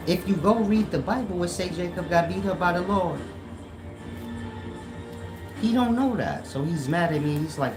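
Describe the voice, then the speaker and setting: A man's voice: a little high, sing-song, slow pace, long pauses, music in the background, low-quality recording. A man in casual online talk, slangy and mocking, who laughs often at his own jokes. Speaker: online commentator.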